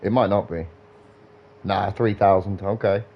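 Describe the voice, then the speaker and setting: Excitable swearing woman streamer. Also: a bass voice, unhurried, muffled recording. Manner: excitable, swears freely, teasing banter. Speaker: gaming livestreamer. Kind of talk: casual live gaming commentary.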